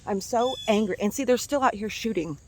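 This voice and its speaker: A woman's voice: on the high side, fairly quick, darkish tone. A woman venting on her own vlog, angry and hurt, swearing and going back over the same points. She records on a phone outdoors near her house, with insects chirping in the background. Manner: upset, angry, swearing, repeating herself. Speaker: vlogger. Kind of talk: emotional personal vlog.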